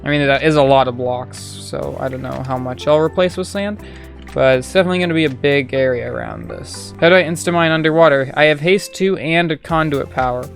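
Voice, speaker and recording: A man's voice: on the high side, fairly quick, gravelly, soft background music. A young man giving casual, rambling commentary on his gameplay, joking and chatting with his viewers. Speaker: gaming streamer.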